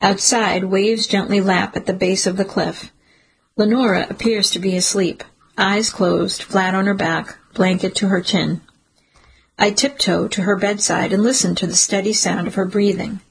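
A woman narrating a first-person suspense story in a steady, measured storytelling manner. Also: medium pitch, vocal fry, slight background noise, rough recording. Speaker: audiobook narrator.

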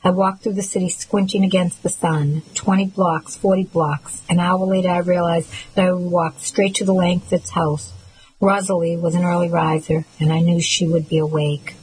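Female narrator, low voice, soft measured emotional delivery for a first-person novel. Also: little pitch movement, a little hiss or hum, poor audio. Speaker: audiobook narrator.

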